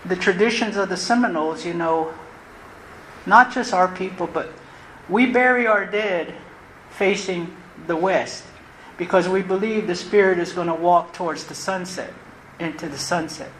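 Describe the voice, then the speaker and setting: Earnest woman speaking in an echoey room. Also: lowish voice. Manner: earnest and reflective, repeats phrases, halting restarts. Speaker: closing speaker at a recovery convention. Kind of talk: personal recovery share, spoken from the podium. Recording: roomy live talk recording with faint noise.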